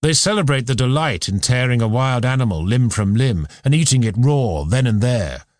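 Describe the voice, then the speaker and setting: An audiobook reader narrates a philosophy book from a script, measured yet expressive. His voice sits in the mid range, and the studio sound is clean with no room sound.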